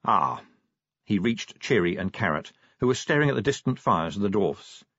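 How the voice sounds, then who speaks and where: Husky male audiobook narrator. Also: lowish voice, lively intonation, fairly quick, no echo. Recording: dull dry audiobook recording.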